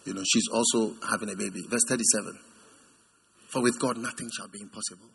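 A man preaching a sermon in an animated way. He acts out figures in put-on voices and swings between high mocking tones and low, intimate ones. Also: quick pace, gravelly, breathy edge.

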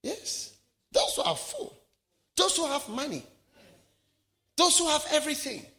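A man preaching a sermon, swinging from shouted lines to hushed asides. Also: extremely high pitch, wildly swooping pitch, a little slow, pauses often, big-room sound. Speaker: pastor.

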